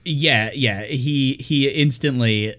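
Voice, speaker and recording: A man's voice: mid-range voice, slow, fairly bright tone. A man co-hosting a casual movie podcast, rambling with lots of fillers and now and then putting on mocking voices for the characters. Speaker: podcast co-host.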